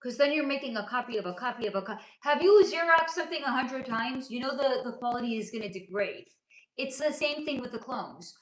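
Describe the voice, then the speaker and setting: A woman's voice: fairly high pitch, expressive, a little fast. A woman hosting a casual livestream, answering viewer comments in a blunt, outspoken way and swearing freely. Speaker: livestream host. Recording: echoey room.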